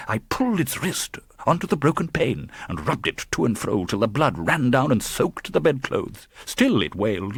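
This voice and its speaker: A man's voice: medium pitch, slightly rough, dry recording. A man reading an audiobook in a dramatic, tense manner, close to the microphone. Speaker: audiobook narrator. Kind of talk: scripted audiobook narration.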